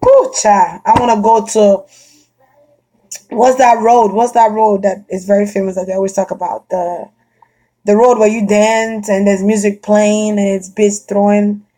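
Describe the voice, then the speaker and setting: Husky, blunt woman chatting. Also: mid-range voice, measured pace. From Florida. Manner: blunt, animated, laughs often, swears freely. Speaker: vlogger chatting to a friend. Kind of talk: casual chat.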